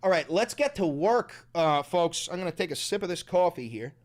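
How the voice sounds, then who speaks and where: A man's voice: on the high side, expressive, moderate pace. A man hosting his own political commentary show, ranting in a profane, sarcastic and mocking way.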